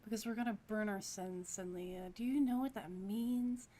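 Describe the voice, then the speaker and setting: A woman's voice: mid-range voice, moderate pace, dark tone, natural voice. A woman voicing a grieving, volatile young male ex-cop who swears and rants angrily. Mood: bitter. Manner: swearing, angry and ranting.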